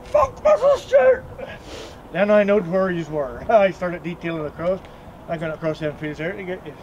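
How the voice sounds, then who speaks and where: An older man, telling childhood stories in a lively way, acting out loud quotes. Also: on the high side, fairly quick, highs cut off. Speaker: childhood friend. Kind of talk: reminiscing storytelling. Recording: outdoor noise with passing traffic.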